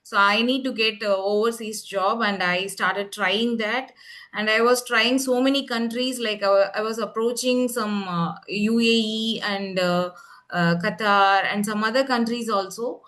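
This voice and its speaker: A woman's voice: mid-range voice, fairly even intonation, a little slow, fairly bright tone. A woman from Tamil Nadu, a schoolteacher working abroad, earnestly telling her story in a casual interview and addressing the host as ma'am. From Tamil Nadu, India.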